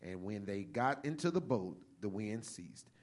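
A man preaching a sermon, reading scripture slowly and then building to a fervent, rising cadence with repeated phrases. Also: on the low side, expressive, darkish tone.

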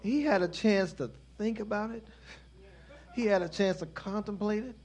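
High-voiced emphatic preacher man. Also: moderate pace. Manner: emphatic, repetitive call-and-response preaching; intense and rising, then softening. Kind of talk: sermon.

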